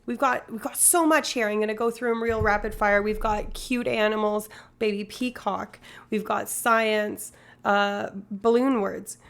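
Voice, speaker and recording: A woman's voice: mid-range voice, fairly even intonation, a little slow, creaky. A woman streamer in rambling, casual live-stream chat, swearing now and then.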